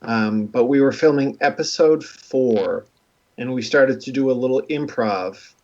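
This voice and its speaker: A man of middle pitch chatting casually on a livestream, rambling through his story with halting restarts and poking fun at himself. The sound is muffled and lo-fi. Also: darkish tone. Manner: rambling, self-deprecating. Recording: dull lo-fi stream audio.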